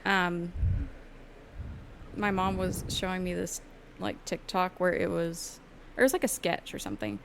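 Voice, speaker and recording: A woman's voice: fairly low pitch, very animated, measured pace, creaky, pauses often, background noise. A young adult woman co-hosting a podcast, chatting casually and laughing often. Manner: chatty, laughs often, slips into mock voices. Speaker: podcast co-host. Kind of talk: casual chat.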